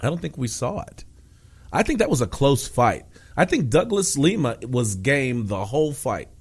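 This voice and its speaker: Guy cohosting a fight podcast, voice bounces all over, fast bursty casual chat. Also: mid-range voice, slightly rough. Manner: animated, talks fast in bursts, laughs often. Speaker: podcast co-host.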